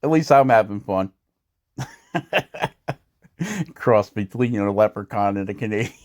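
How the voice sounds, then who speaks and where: Chuckling, rambling woodcarving host. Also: male voice, fairly low pitch, unhurried, a little mellow. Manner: rambling, chuckling, self-deprecating. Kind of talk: casual how-to voice-over.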